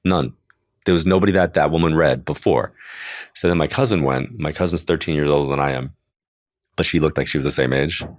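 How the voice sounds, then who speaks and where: Older male medium, very deep and close-miked, chatty storyteller who acts out voices in his anecdotes. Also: fairly quick, dry recording. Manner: chatty, full of "like" asides. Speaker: psychic medium. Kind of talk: interview storytelling.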